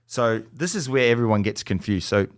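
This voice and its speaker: A man's voice: mid-range voice, a little fast, no room sound, studio quality. A young Australian man, a podcast guest, telling stories in casual chat, swearing freely and acting out other people's lines. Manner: animated, swears freely, acts out quoted voices.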